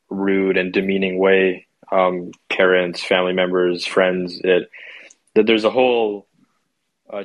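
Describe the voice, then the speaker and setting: A man hosting a podcast interview, speaking thoughtfully with hesitant pauses. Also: low voice, rough recording. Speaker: podcast host. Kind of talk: interview conversation.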